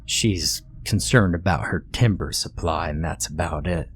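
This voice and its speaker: A man voicing a big, bearded frontier man with a gruff, deep voice who talks bluntly and folksy. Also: unhurried, slight background noise.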